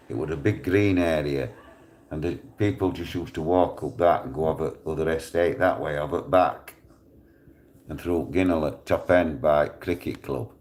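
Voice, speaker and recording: A man, telling a blunt, profane story on his live stream. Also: very deep voice. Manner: blunt, heavy swearing, animated retelling.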